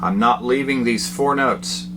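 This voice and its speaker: A man's voice: medium pitch, measured pace. A man teaching guitar, explaining phrasing and inflection in a plainspoken way and checking in with short questions. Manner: plainspoken, explains by spoken-language analogies, checks in with "okay?" and "right?". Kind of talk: demonstrating at the guitar. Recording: guitar playing between and under the talk.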